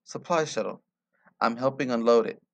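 A man's voice: mid-range voice, normal speed, gravelly, a bit bright. A man reading the part of a blunt, teasing young man working at a colony.

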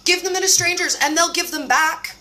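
A woman hosting a casual phone livestream chat, bubbly and effusive and quick to laugh. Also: extremely high pitch, bright, forceful tone. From Canada. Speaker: host. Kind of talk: casual live-stream chat.

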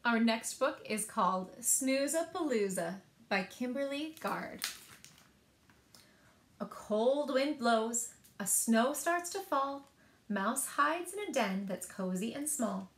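A woman librarian reading children's picture books aloud in a rhythmic, expressive way. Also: on the high side, slow pace. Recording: echoey room.

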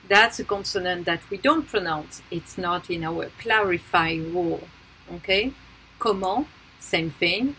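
A woman's voice: lowish voice, fairly bright tone, a little hiss or hum, rough recording. A woman teaching a French pronunciation tutorial, patiently repeating each example word.

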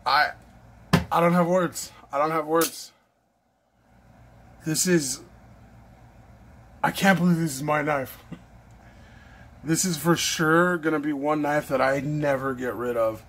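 Slow-talking gushing man unboxing. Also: fairly high pitch, a bit bright, slight background noise. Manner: breathless, gushing and repeating himself. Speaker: knife collector vlogger. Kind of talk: excited unboxing vlog.

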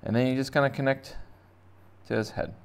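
With a smooth, mid-range voice touched by vocal fry, this man talks fairly quickly and keeps his intonation fairly even. He's an art teacher leading kids through a casual drawing lesson, rambling, joking and thinking out loud while sketching.

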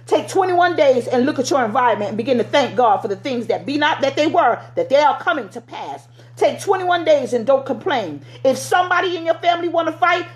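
High-voiced fervent woman preaching. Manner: fervent, exhorting, lapses into vernacular speech. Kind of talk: sermon.

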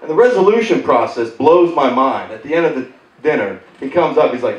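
A man in his thirties doing a stand-up set on a theater stage, telling animated, sarcastic stories and acting out the people in them. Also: mid-range voice, brisk. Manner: sarcastic, animated storytelling with voiced impressions. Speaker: stand-up comedian. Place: theater stage before a live audience. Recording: roomy theater sound from a distance, loud crowd laughter.

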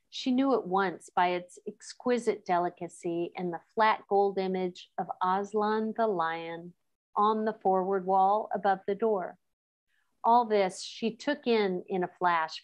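A woman teacher reading a children's novel aloud to her class, unhurried, with chatty asides and quick self-corrections. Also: mid-range voice. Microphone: class recording.

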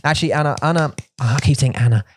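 A man's voice: a little high, very fast, slight background noise. An English man co-hosting a podcast, chatting casually and rambling with restarts as he mixes English and Mandarin. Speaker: podcast co-host. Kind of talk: casual bilingual chat.

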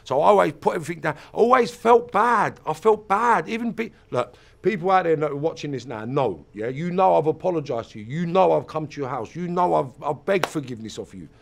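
A man's voice: fairly high pitch, expressive, a little fast, vocal fry, hardly any pauses. A middle-aged man, telling an interviewer about his past in an intense, blunt and profane way with emphatic repeats. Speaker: ex-offender turned mentor and motivational speaker.

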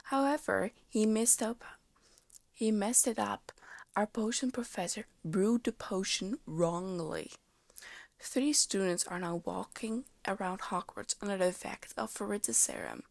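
A woman reading a fan story aloud, voicing a flustered, sharp-tongued teenage witch. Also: medium pitch, animated, a little slow, vocal fry, no echo. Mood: exasperated.

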